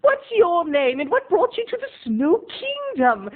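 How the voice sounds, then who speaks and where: A man playing a cheery mall Snow King mascot in a sing-song, over-sweet falsetto with a tinny phone-like sound. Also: huge pitch swings, measured pace, heavily acted.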